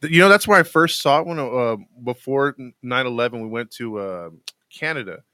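A man's voice: medium pitch, fairly quick, pushed and bright, clear, resonant tone, no echo. A man co-hosting a live podcast show, chatting casually and telling stories with frequent laughs and repeated words. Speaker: podcast co-host.

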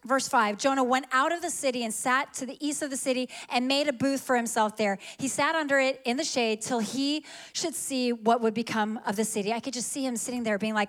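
A woman preacher with a bright, high voice delivers an animated sermon. She reads scripture aloud and prompts the congregation to repeat lines after her. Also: brisk.

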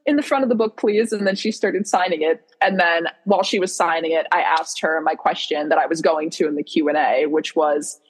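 A young woman talks over a video call in a relaxed podcast chat, with a slightly husky, fairly low voice. She tells her story with plenty of energy, jumps into quoted lines and laughs between them. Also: brisk, hardly any pauses. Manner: animated storyteller who acts out quotes and laughs often. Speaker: podcast guest co-host.

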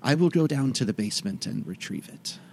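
A man's voice: medium pitch, expressive, brisk, a little mellow. A man doing a courteous ghost butler. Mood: polite. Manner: courteous, formal. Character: polite ghostly male butler, formal and obliging.

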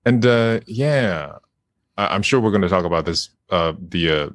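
A deep-voiced man talking in a casual interview, often laughing at himself and trailing off into fillers. His voice sits low and the sound is dry and close, with no room around it. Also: lively intonation, normal speed, dry recording. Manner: laughing, self-deprecating, hesitant with many fillers. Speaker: guest voice actor.

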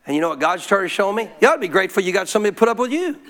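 A man's voice: sits high, big pitch swings, racing, fairly bright tone. A middle-aged male pastor, preaching a sermon in an emphatic call-and-response style.

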